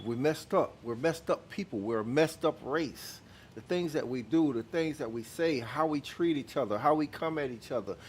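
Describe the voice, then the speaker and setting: A man hosts his own vlog and offers casual commentary in a mid-range voice. He talks haltingly with many fillers. His delivery turns more and more emphatic as he presses his point. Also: mid-range voice, slight background noise. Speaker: vlog host.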